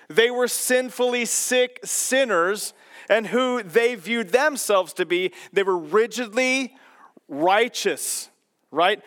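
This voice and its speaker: Male pastor preaching in a church, high smooth voice, emphatic and slows on key lines. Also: a bit bright. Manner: emphatic, slowing on key phrases. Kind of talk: sermon. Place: church sanctuary.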